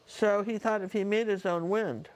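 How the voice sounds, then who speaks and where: A woman's voice: mid-range voice, fairly even intonation, moderate pace, a little mellow. A woman, a painting teacher, casually telling a personal story in a chatty, rambling way with lots of asides.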